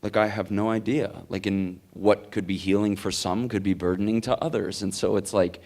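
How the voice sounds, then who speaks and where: Deep voiced guy answering q&a, earnest, rambly, keeps saying like. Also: fairly even intonation, normal speed, darkish tone. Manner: earnest, rambling, many likes and restarts. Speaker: conference speaker. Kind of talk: Q&A answer, storytelling. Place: conference hall.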